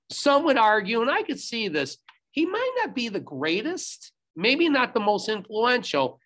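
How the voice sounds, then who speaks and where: A man's voice: high voice, a bit bright. Emphatic man giving a recorded history lecture. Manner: emphatic, repeats instructions, asides to the class. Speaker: history teacher. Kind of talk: recorded video lecture to students.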